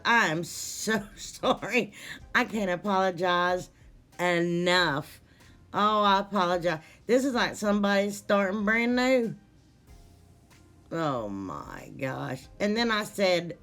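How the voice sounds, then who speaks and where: Woman, unhurried, self-deprecating, rambling DIY vlog chat. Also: lowish voice, a bit bright. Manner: apologetic, laughing at herself, rambling. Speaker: DIY crafting vlogger. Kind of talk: casual crafting vlog narration.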